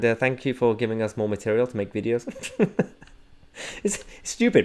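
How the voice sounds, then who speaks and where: A man with a fairly low voice hosts a political commentary vlog. He talks in a sarcastic, mocking way, dropping chuckling asides as he goes. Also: darkish tone. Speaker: host.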